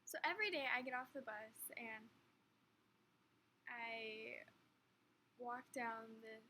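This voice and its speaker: Young woman, late teens, bright and fairly high voice, chatty and rambling, faint fan hum behind. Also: slow, rough recording. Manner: rambling, filler-heavy, animated. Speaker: vlogger. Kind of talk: casual storytime chat.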